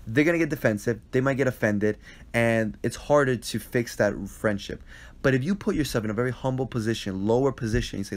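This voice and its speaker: A man's voice: medium pitch, fast talker. A man hosting a casual live-stream Q&A, earnestly answering viewer questions about life and relationships, often repeating himself and checking in with the listener. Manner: earnest and repetitive, checks in with "right?". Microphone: phone live stream.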